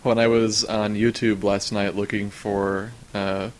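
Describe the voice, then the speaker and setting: Low-voiced man chatting on a podcast. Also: flat delivery, measured pace. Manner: storytelling, easygoing with fillers. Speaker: podcast co-host. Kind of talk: casual chat.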